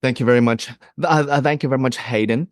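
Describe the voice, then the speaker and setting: A man voicing a bumbling TV field reporter, halting and stammering. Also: medium pitch, dry recording, studio quality, natural voice. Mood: earnest. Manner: halting, stammering with many uhs. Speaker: podcast co-host. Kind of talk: improvised comedy sketch.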